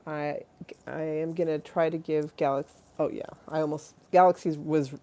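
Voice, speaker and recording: A woman's voice: sits low, steady tone, normal speed, warm tone. A woman hosting a casual livestream, rambling and giggly as she reads out names from the chat. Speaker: livestream host.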